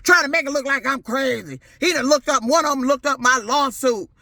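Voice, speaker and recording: A woman's voice: high-pitched, fairly quick, sharp tone, no room sound. Furious middle-aged woman ranting. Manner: furious, profane, confrontational. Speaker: vlogger. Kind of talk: angry rant to camera.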